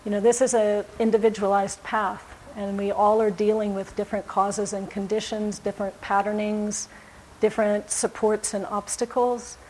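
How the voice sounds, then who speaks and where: A woman giving a Buddhist dharma talk, speaking in a gentle, reflective way with frequent pauses and fillers. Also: mid-range voice, little pitch movement, slight background noise, poor audio. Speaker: Buddhist teacher.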